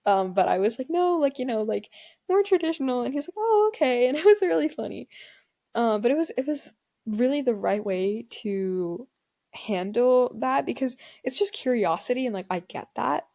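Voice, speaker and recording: Chatty teen girl with gravelly voice. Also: a little high, expressive, normal speed, mellow. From Indian family background. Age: teens. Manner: chatty, dramatic, many filler likes. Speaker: podcast host. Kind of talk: casual solo podcast chat.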